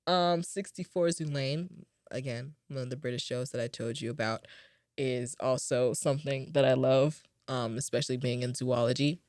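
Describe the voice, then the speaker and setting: A woman's voice: a bass voice, moderate pace, a little mellow, no room sound, studio quality. A young woman hosting a podcast, chatting casually in a rambling, upbeat way with lots of fillers, and a little tired. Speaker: podcast host. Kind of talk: casual chat.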